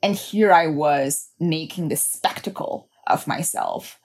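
A woman's voice: low-pitched, animated, slow pace, a little mellow. A woman guest in an interview, speaking in an earnest, reflective way. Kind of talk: personal account in an interview.

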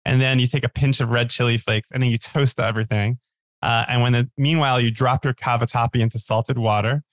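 A man chatting casually as a podcast guest, spinning stories with plenty of likes and restarts. His voice sits at an ordinary middle pitch. It sounds close and dry, with no room around it. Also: steady tone, brisk, no room sound. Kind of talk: casual chat.

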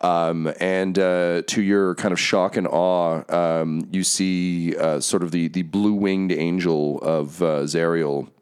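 A young man narrating as game master, halting with many fillers and often laughing. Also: deep voice, fairly even intonation, a little mellow, clear, resonant tone.

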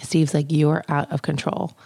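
A woman's voice: deep voice, little pitch movement, normal speed, creaky, mellow. A young woman, pregnant, telling a casual storytime in a chatty way, full of "like" and acted-out quotes. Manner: chatty, many "like" fillers, acts out quotes. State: pregnant, in labor pains. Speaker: vlogger.

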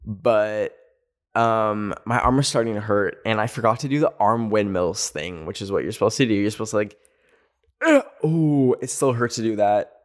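A man hosting a podcast, telling a story in a casual, animated way with sassy asides. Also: lowish voice, moderate pace. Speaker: podcast host. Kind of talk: casual chat.

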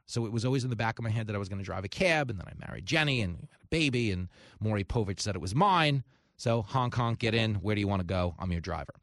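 This is a man with a lowish voice and no echo, hosting a talk radio show. Speaking into a studio microphone, he delivers an opinionated monologue, ranting, telling jokes, and tossing in comic asides.

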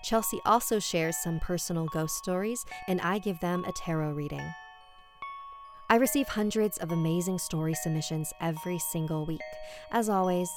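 Female horror podcast host and narrator; low-ish, hushed, measured read over music. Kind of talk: scripted horror story narration. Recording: music underneath.

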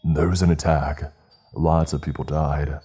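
A man's voice: rumbling low, little pitch movement, a little slow, dark tone, slightly rough, faint music behind, full character voice. A man voicing a sinister stranger who smiles as he speaks through the door. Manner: falsely friendly, sinister.

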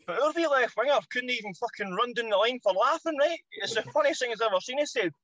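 A man with a Scottish accent, a former footballer telling stories as a podcast guest in an animated, slangy way, swearing freely. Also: very high voice, fast, no echo, lo-fi sound. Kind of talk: casual anecdote telling.

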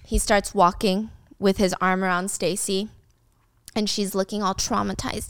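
A woman's voice: medium pitch, level tone, a little slow, clean tone, no room sound. A young woman casually recapping a drama story, chatty and opinionated with dramatic asides.

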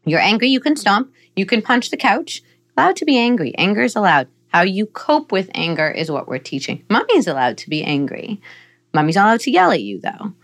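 A woman speaking as a podcast guest, calm and explanatory. She gives parenting advice at an ordinary pitch and now and then slips into soft lines spoken as if to a child. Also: brisk. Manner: calm, explanatory, acts out gentle phrases to a child. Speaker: psychologist guest.

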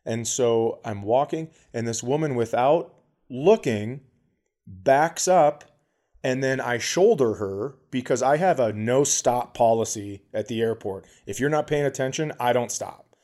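A man's voice: mid-range voice, a little slow, a little mellow. A man co-hosting a podcast, telling a story in casual chat, acting out the quotes and swearing a lot. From American Midwest. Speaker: podcast co-host, comedian.

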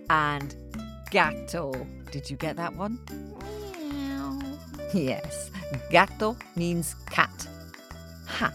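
Woman presenting a kids show, slowish and lively, lowish voice, music underneath. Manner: friendly, questioning the listener. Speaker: podcast host. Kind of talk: children's podcast presenting.

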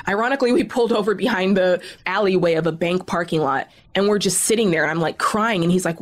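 A woman guest telling a personal story in an interview, emphatic and animated. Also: mid-range voice, fairly quick.

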